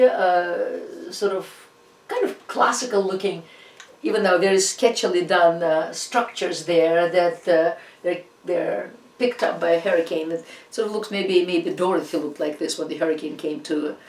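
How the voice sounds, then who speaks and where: A woman with a Russian accent gives a relaxed art history lecture, stopping and restarting often with fillers. Her voice sits at a middle pitch. The recording is roomy and echoey, with her some way off from the mic. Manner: halting, many fillers and restarts, animated asides. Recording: roomy echo, distant from the mic.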